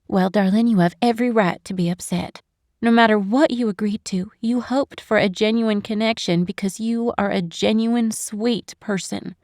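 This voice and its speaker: A woman's voice: mid-range voice, moderate pace, a little mellow, dry recording, clean studio sound, natural voice. A woman voicing a doting, protective older matchmaker with a coaxing, affectionate manner, in an audiobook. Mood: consoling. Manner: coaxing, affectionate, calls everyone darling. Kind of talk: audiobook narration.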